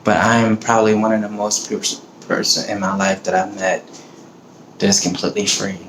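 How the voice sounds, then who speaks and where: A man's voice: fairly low pitch, little pitch movement, normal speed, fairly bright tone. Blunt, profane man in an echoey room. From American South. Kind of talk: casual monologue. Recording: roomy echo, faint background noise.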